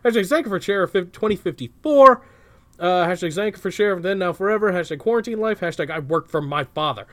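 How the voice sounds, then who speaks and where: A man's voice: sits high, expressive, moderate pace. A man co-hosting a podcast, reading listener hashtags aloud, laughing often and tripping over words. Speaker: podcast co-host.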